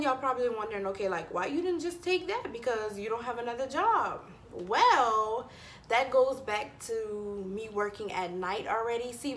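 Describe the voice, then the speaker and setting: Young woman vlogging, chatty and bright, talks to y'all, kinda echoey room. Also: a little high, a little hiss or hum. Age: young adult. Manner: chatty, animated storytelling, talks to viewers as y'all. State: stressed. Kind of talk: casual chat to camera.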